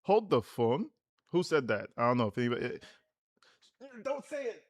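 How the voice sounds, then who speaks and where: A man's voice: mid-range voice, sing-song, normal speed, dry recording, studio quality. A man hosting a livestream, reacting to a clip with profane, slangy, mocking rants. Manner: slangy, casual. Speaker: livestream host.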